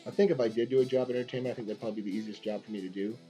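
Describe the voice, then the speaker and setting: A man with a soft, mellow tone talks casually as he works on a drawing. He rambles, circling back with fillers and restarts. Faint guitar music plays quietly behind him. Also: on the low side, steady tone, very fast. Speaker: artist live-streaming a drawing session. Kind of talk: casual chat while drawing.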